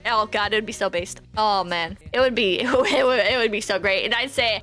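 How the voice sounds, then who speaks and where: A woman's voice: medium pitch, normal speed, few pauses, a bit bright, faint music behind. A woman streamer in casual livestream commentary, rambling and joking with plenty of swearing. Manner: profane, rambling, jokey.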